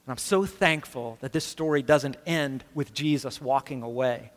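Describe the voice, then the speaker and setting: A man's voice: mid-range voice, normal speed. A man preaching a sermon as a pastor. He speaks earnestly and with emphasis, asking his listeners rhetorical questions. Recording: long reverb of a large hall.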